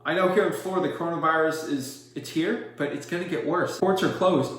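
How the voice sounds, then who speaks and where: A man coaching on real estate wholesaling, direct and salesy, acting out his rehearsed pitch lines. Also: fairly quick, fairly bright tone. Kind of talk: instructional talk with sample sales pitches. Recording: very echoey room.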